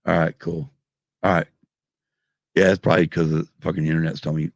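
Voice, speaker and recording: Low gravelly man, rambling and profane. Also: flat delivery, a little fast, no echo, clean studio sound. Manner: rambling, profane, swears constantly. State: drinking, tipsy. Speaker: podcast host. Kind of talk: casual live-stream chat.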